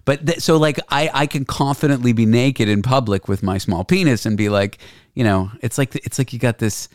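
A man's voice: medium pitch, moderate pace, no echo, clean studio sound. A man hosting a podcast, talking in a frank, rambling, self-deprecating way. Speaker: podcast host. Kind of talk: casual candid chat.

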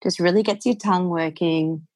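A woman's voice: on the low side, fairly even intonation, normal speed, heavy background noise. An Australian woman, a voice coach, explaining in a loose, encouraging way with plenty of fillers. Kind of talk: conversational interview.

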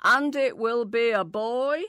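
A woman's voice: a little high, slow, fairly bright tone, clean tone, no echo, studio quality, voice pushed up. A woman voicing a bossy, insistent child playing the angel in a nativity.

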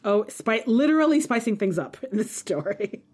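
A woman co-hosting a podcast in casual chat, animated and playful, laughing easily. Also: fairly high pitch, normal speed, husky. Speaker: podcast co-host.

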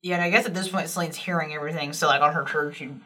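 A woman playing a tabletop game, reacting excitedly and speaking quickly. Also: low-pitched, far from the mic. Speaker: player. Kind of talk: casual tabletop play.

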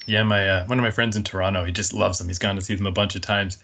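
A man's voice: low-pitched, steady tone, fast, vocal fry, fairly bright tone. A man talking casually about a film on a podcast, rambling and laughing often. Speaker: podcast guest.

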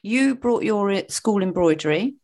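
Gravelly-voiced woman co-host, teasing. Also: medium pitch, animated, normal speed, a little mellow, slight background noise. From Cornwall, England. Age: middle-aged. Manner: teasing, playful storyteller. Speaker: podcast co-host. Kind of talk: casual chat.

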